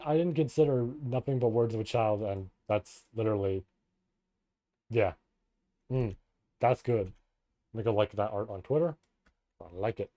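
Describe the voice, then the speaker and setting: A man streaming a live read-through of a novel, reading passages and breaking off into casual, profane, excited reactions. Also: fairly low pitch, moderate pace, long pauses, no echo.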